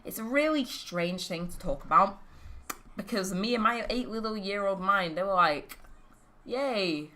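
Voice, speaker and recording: A woman's voice: mid-range voice, expressive, normal speed, sharp tone. A teenage girl giving a rambling, casual channel update, full of ums, restarts and offhand swearing. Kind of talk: rambling casual vlog talk.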